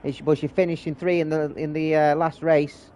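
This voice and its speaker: A man hosting and commentating a live sim-racing league, with excitable, breathless, rapid calls and repeated exclamations. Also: a little high, slight background noise. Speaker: race commentator and league host.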